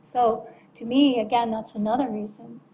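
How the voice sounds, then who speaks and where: A woman's voice: a little high, steady tone, moderate pace, a little hiss or hum. A woman in homeless services making brief, supportive comments during a meeting discussion, heard off-mic. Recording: dull, off-mic meeting audio.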